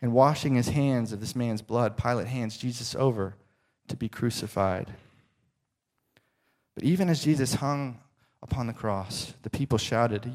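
Male preacher, dramatic storytelling sermon, hushed moments, mid pitch. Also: a little slow. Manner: dramatic storytelling, dropping to soft, hushed tones.

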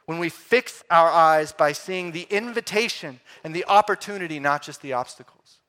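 Dynamic male preacher, rising then hushed. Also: a little high, moderate pace. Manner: dynamic, swings from loud emphatic to hushed. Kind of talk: sermon.

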